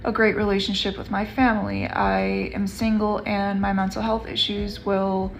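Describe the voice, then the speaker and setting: A woman talking low and heavily about loneliness and having nothing to look forward to. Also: flat delivery, moderate pace, gravelly, slight background noise. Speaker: vlogger. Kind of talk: confessional vlog.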